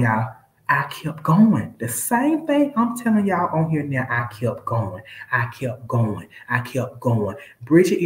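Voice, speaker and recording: A woman's voice: fairly low pitch, roomy sound. A woman hosting a live-stream sale, talking to her viewers in an emphatic, preachy way. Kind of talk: motivational live-stream talk.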